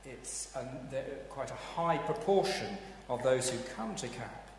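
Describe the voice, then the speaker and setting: Male preacher, unhurried, dramatic swings from hushed to loud, big echoey church sound. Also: medium pitch, expressive, a little hiss or hum. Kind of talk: sermon. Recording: echoey hall, heard from a distance.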